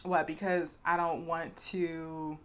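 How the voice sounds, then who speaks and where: A woman's voice: sits low, level tone, slow pace, fairly bright tone. A young adult woman vlogging to her viewers, speaking frankly and bluntly and calling them y'all, with a cough now and then. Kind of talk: direct-to-camera vlog, candid opinion talk.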